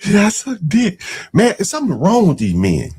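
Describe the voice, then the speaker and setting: A man's voice: wildly swooping pitch, normal speed, darkish tone. A man hosting a podcast, giving casual, mocking commentary on clips, with incredulous asides and frequent fillers. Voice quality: deep gravelly voice. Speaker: podcast host reacting to clips.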